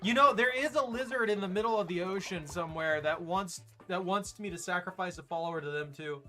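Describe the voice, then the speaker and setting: Male let's play creator, high and very bright voice, chatty joking reactions. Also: brisk, faint music behind. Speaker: gaming video creator.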